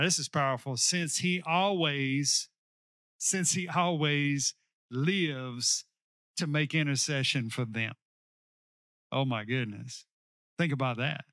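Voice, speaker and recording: A male pastor preaching a sermon, slowing down to stress key lines and calling on the congregation to repeat after him. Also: mid-range voice, fairly bright tone, no echo, clean studio sound. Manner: preaching with call-and-response to the congregation.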